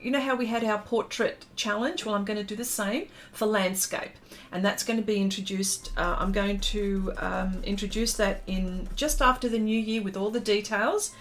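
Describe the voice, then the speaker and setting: A woman talks casually to her livestream viewers as she works on a pastel drawing. Her voice sits at an ordinary middle pitch, and her speech is loose and full of ums. She sounds sincere and openly emotional as she chats. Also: fairly even intonation, normal speed, few pauses, a bit bright. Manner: chatty and heartfelt, many ums, reads out chat comments. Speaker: art livestream host.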